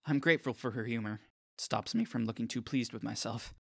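A man's voice: medium pitch, brisk, vocal fry, fairly bright tone, dry recording, clean studio sound. A man giving scripted first-person narration as an earnest, self-conscious inner monologue.

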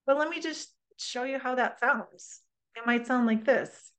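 Middle-aged woman workshop presenter, slightly high voice, chatty and engaging. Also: unhurried. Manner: lively, conversational, checks in with listeners.

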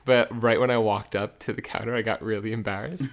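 A man's voice: lowish voice, steady tone, brisk. A young man co-hosting a podcast, chatting casually, swearing freely and breaking into laughter. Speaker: podcast co-host. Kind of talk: casual chat.

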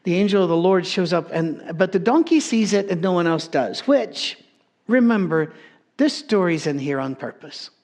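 During a sermon, a male preacher tells a story with relaxed, conversational humor, shifting easily between explaining and joking. His voice sits fairly high for a man, and he keeps a moderate pace.

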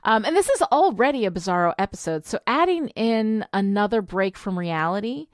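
Animated chatty woman, dry sound. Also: mid-range voice, moderate pace, dry recording. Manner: animated, many fillers. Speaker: podcast co-host. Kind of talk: casual chat.

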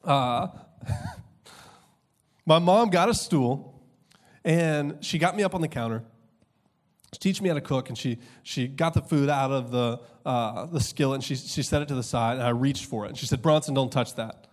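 A young man preaching a sermon as pastor, conversational and humorous, with quick asides and slow emphatic drops. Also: mid-range voice.

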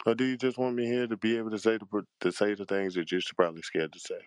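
Deep-voiced man on an angry profane rant. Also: little pitch movement, a little mellow, dry recording. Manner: profane, heated and exasperated, with a drawn-out tired delivery. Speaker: panel host.

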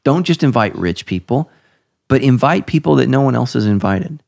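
A man's voice: medium pitch, animated, moderate pace, vocal fry, a little mellow. A middle-aged man, a pastor hosting a podcast, talking casually and emphatically, his voice jumping up to stress points.

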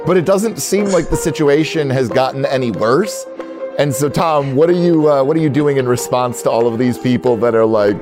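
A man's voice: mid-range voice, moderate pace, over music. A man running a tabletop game as game master, describing scenes in a chatty, laughing way.

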